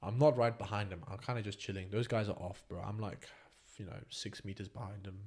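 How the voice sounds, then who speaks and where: A young man from Botswana, a podcast guest, telling a story in a casual, animated way and calling people "bro" as he goes. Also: on the low side, a little fast, breathy edge. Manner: animated, slangy, keeps saying "bro".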